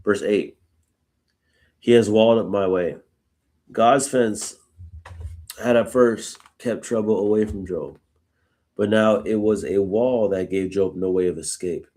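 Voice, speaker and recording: A man hosts a live Bible study, reading verses aloud and then reflecting on them casually, dropping in "y'all" asides. His lowish voice is a little slow and a little mellow, with long pauses.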